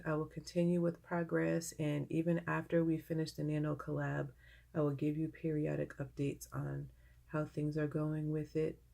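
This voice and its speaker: Low-voiced gushing woman vlogger. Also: gravelly, darkish tone. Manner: gushing, emotional. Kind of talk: casual vlog update.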